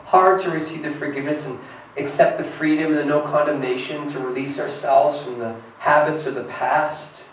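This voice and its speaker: A man's voice: fairly high pitch, fairly even intonation, moderate pace, slight background noise. A man preaching a sermon as pastor, earnest and rising to emphatic peaks as he reads scripture aloud. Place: church sanctuary. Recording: echoey hall from far off.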